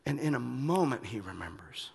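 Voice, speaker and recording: A male pastor preaching a sermon, moving between hushed reflection and loud, urgent emphasis. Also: mid-range voice, sing-song, moderate pace, gravelly, breathy edge. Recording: long reverb of a large hall.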